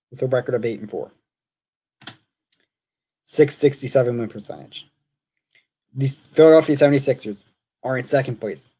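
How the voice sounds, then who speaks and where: A man's voice: medium pitch, darkish tone. A man hosts a loose sports talk show in an ordinary, mid-range voice. He rambles through his predictions as an opinionated fan and stops often to correct himself. Now and then he reads standings and records aloud.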